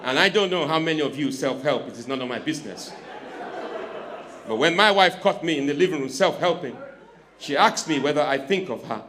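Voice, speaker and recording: A stand-up comic on a club stage teases the crowd, swinging from hushed asides to sudden shouts into his handheld mic. He's on the high side, expressive and brisk, with a noisy background.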